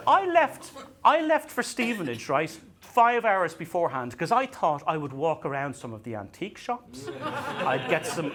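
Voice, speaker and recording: An Irish man doing a stand-up comedy set, telling self-mocking stories in a halting way and often repeating his words as he restarts. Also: sits high, big pitch swings, a crowd in the background. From Ireland. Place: comedy venue stage.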